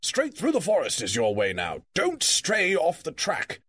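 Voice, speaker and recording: Man doing a teasing old wizard, brisk and bossy, lively swooping voice, dry sound. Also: fairly high pitch, husky, dry recording, pitched above the performer's own voice, full character voice. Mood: warning.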